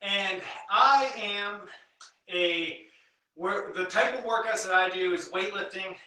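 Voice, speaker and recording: Male strength coach leading a live home workout. High, bright voice that counts reps and coaches form, recorded in a very echoey room from a distance. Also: slow pace. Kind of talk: live guided workout instruction. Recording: very echoey room, voice from away from the mic.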